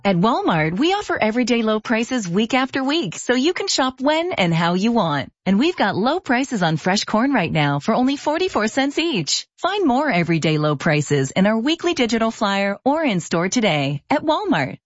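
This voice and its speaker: A woman's voice: fairly high pitch, sing-song, moderate pace, hardly any pauses, dry recording. A woman reading a scripted radio ad in an upbeat, polished way. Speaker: ad announcer. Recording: dry lo-fi radio broadcast.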